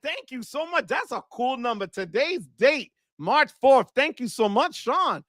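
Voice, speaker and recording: A man hosting a live stream, excitedly thanking viewers one by one and often shouting out a cheer. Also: very high-pitched, unhurried, no echo, studio quality. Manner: enthusiastic, shouts "wepa" often. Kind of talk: live stream super chat shout-outs.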